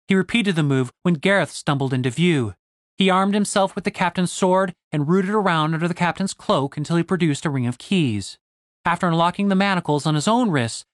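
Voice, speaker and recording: A man reading a fantasy novel aloud in a steady storytelling voice. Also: fairly high pitch, no echo, clean studio sound. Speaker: audiobook narrator. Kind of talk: scripted fantasy narration.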